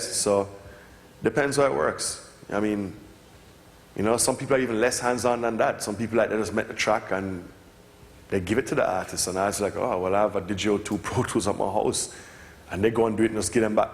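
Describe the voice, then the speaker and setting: A middle-aged Jamaican man, a record producer giving a casual lecture, who tells lively stories, swears freely and slips into patois impressions. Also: lowish voice. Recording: echoey hall with long reverb.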